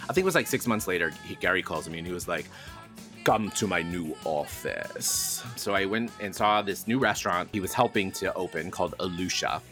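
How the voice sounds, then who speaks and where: A man, a podcast guest, telling a candid personal story in a frank, animated way and swearing casually. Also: low voice, fast, few pauses, music in the background.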